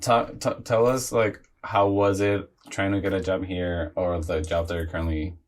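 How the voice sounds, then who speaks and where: A woman hosting a podcast interview, asking questions in a relaxed, casual way. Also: extremely low pitch, moderate pace. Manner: relaxed, asking questions with short listening sounds. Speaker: podcast host.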